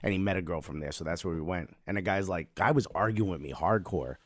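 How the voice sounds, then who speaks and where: A man from Newark, New Jersey, chatting and telling funny stories on a comedy podcast in a slangy, animated way. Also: low-pitched, fast talker, dry recording. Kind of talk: casual comedic chat and storytelling.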